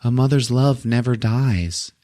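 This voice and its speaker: A man voicing a sinister killer doll, speaking low, slow and hushed while retelling a horror movie. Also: no room sound, studio quality, natural voice. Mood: menacing.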